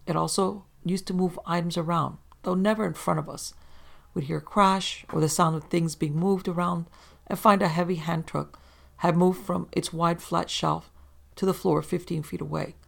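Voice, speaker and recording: A narrator reading first-person paranormal accounts in a steady, measured storytelling delivery. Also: mid-range voice, vocal fry.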